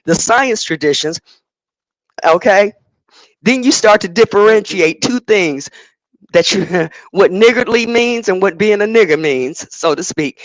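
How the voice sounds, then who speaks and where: A man's voice: high voice, lively intonation, a little slow, no echo, low-quality recording. An American man co-hosting a live stream, explaining his ideas at length in a lecturing way. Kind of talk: casual live-stream chat.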